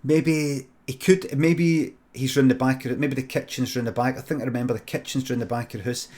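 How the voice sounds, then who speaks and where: Scottish male comic, mid-pitched, deadpan improv storyteller, swears freely, mutters asides. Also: brisk. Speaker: comedian streamer.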